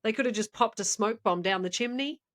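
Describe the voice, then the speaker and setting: Brisk and slightly high-voiced, this podcast co-host chats casually, wandering through a story and often breaking into laughter.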